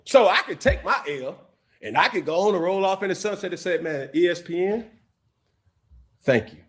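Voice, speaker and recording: Emphatic man with lively pitch. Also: moderate pace. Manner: emphatic, preachy, swings in pitch. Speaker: guest. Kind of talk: casual sports talk.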